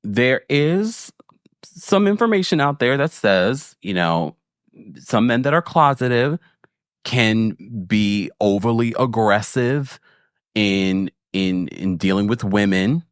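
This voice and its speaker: Slow-paced and fairly low, this podcast host's clean-toned voice is recorded in a clean studio with no room sound. He recaps reality TV playfully and frankly like a big brother, animated, laughing often and adding asides.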